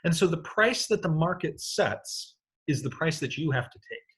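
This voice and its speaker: Lively, animated male economics teacher. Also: on the high side, moderate pace. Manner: explains step by step, often checks in with "right?". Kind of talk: recorded lecture.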